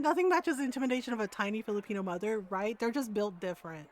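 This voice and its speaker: A woman streams a game from her home setup and chats casually with her viewers. Her voice sits somewhat high, and she tells stories with animated energy. She laughs often and acts out the people she quotes. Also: quick pace. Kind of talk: casual storytelling chat while gaming.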